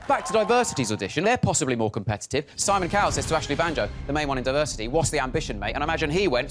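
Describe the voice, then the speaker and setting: Male stand-up, animated and punchy, a little high-pitched, music bed underneath. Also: quick pace. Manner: animated, swings into loud shouted impressions. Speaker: stand-up comedian. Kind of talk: stand-up comedy set.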